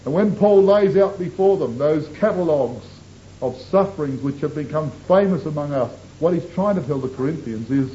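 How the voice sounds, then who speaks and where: A man preaching a sermon to a congregation, impassioned, swinging between soaring lines and hushed asides. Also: expressive, normal speed. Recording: dull lo-fi tape with faint rumble.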